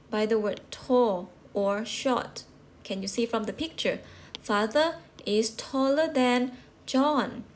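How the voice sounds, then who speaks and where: Slow, patient woman teaching English. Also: on the high side. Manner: patient, repeats and checks with rhetorical questions. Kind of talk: slow classroom explanation.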